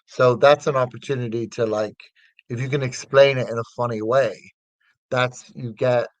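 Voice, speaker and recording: A man's voice: mid-range voice, steady tone, normal speed, no echo. Northern Irish man, dry close mic. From north of Ireland. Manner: rambling, with many fillers and restarts. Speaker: comedian guest. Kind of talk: casual interview chat.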